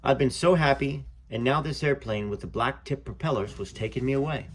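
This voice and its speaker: Husky man reading a memoir. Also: mid-range voice, fairly quick. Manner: conversational, with fillers and self-corrections. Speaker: book reader and channel host. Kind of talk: reading a memoir aloud with casual asides.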